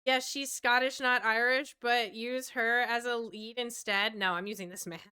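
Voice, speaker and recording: A woman's voice: fairly high pitch, fairly even intonation, normal speed, pushed and bright, smooth. A woman in her thirties streaming, chatting casually and joking, often laughing. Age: 30s.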